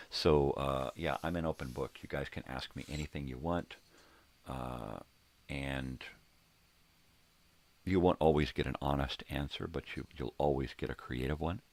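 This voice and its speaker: A man's voice: rumbling low, a little slow, a little mellow. An older man hosting a rambling, laid-back morning monologue, talking in a casual, profane way from a home room crammed with tapes and records. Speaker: host.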